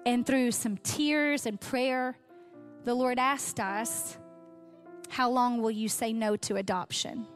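A woman's voice: fairly high pitch, fairly even intonation, takes it slowly, faint music behind. Emotional woman sharing testimony. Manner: heartfelt storytelling, voice catching with emotion. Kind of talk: sermon testimony.

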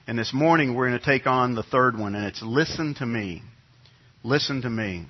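A middle-aged man, a pastor, preaching a sermon in a relaxed, conversational way, telling a family story with frequent restarts and fillers. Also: medium pitch, normal speed, husky, dull audio. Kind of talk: sermon with personal anecdote. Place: church sanctuary.

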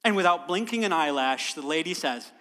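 A man's voice: on the high side, animated, a little fast, big-room sound. A man preaching a sermon as a guest, telling stories and asking the congregation rhetorical questions. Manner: warm storyteller, rhetorical questions.

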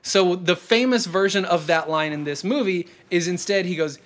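Bright-voiced playful podcast host man. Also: sits high. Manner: playful, rambling, quick laughs. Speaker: podcast game show host. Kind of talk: casual comedy podcast chat.

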